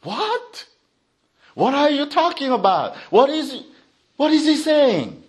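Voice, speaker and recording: A preacher doing an indignant man from a crowd, high-pitched and swinging widely up and down as he fires off questions in disbelief. He sounds puzzled and aggrieved, his lines rushing out at times. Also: very animated, exaggerated voice. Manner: incredulous, questioning, rushed at times.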